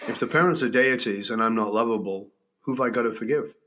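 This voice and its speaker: A man's voice: medium pitch, fast talker, fairly bright tone. A man being interviewed as a guest, telling a personal story in an earnest, reflective teaching tone. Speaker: guest, leadership coach.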